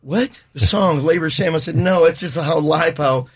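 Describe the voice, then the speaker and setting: A man with a gritty, rough voice that sounds worn from the early morning, telling stories in a casual interview. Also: a little high, moderate pace, dry recording, clean studio sound. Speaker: musician guest. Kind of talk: live acoustic blues song, then casual interview chat.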